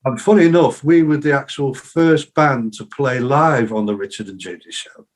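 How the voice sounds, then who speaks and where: At a moderate pace and in a mid-range voice, an older male songwriter and musician shares casual interview stories as a podcast guest. His lively, wandering anecdotes mimic the words of people he encountered, and he restarts often and leans on fillers.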